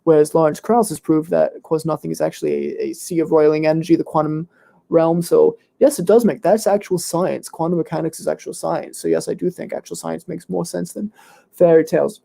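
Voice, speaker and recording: A pompous, know-it-all young male debater, as a man puts him on, with a gravelly voice that sits fairly high. He is hoarse and losing his voice. He is smug and self-assured, and lists fallacies as if he has won already. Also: fairly even intonation, fairly quick, dark tone. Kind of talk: comedic live Q&A role-play.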